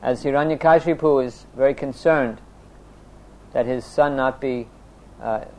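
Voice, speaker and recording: Man reading scripture with a mellow voice. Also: low-quality recording. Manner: reads steadily, then speaks with many pauses and fillers; chants prayers in a low voice. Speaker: religious teacher.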